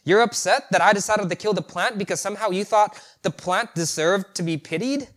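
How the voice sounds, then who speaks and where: A man's voice: high voice, a little fast, a bit bright. A male preacher voicing God as a patient deity, pressing with pointed rhetorical questions. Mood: confronting.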